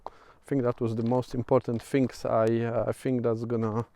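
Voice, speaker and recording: A man's voice: medium pitch, little pitch movement, normal speed, dark tone. A man with a Polish accent talking through a casual vlog, hesitant, with many fillers and restarts. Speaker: vlogger. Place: outdoors at sunset.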